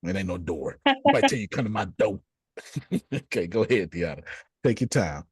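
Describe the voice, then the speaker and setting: A middle-aged man leading a group video call, preaching in a blunt, slangy way with casual swearing, jumping from low asides to high exclamations. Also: big pitch swings, brisk, creaky, husky, no room sound. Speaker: host leading a group discussion. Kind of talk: preacherly motivational talk.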